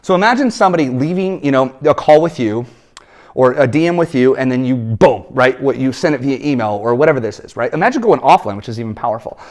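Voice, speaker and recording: A man in his thirties, a business coach, telling a sales story in an energetic coaching talk and acting out the people in it. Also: medium pitch, fast. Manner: animated storytelling, acts out quoted voices.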